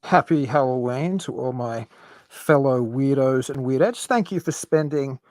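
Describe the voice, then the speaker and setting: A man hosting a live podcast stream, chatting casually and warmly welcoming his audience. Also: medium pitch, a little slow. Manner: friendly, chatty, laughs easily. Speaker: podcast host.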